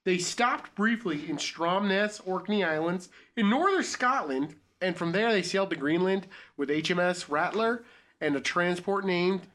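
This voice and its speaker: A man's voice: a little high, a bit bright. A young man hosting a podcast, reading a story aloud and joking crudely along the way. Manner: crude, joking, riffs off the script.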